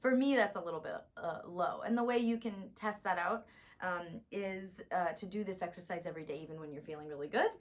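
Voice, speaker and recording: A woman voice teacher with a tired, hoarse voice and a slight rumble, calmly explaining and demonstrating a vocal warm-up. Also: brisk. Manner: calm, instructive, demonstrating exercises.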